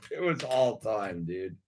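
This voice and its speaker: A man's voice: lowish voice, background noise. A middle-aged man telling a rambling story in laid-back slang, calling everyone dude and laughing often. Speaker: video creator.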